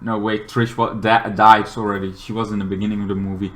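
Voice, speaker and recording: Bright-voiced young man rambling through a recap. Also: lowish voice, little pitch movement, quick pace. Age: 20s. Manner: rambling, stacks fillers like "kind of thing". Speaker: movie reviewer. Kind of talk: casual plot recap.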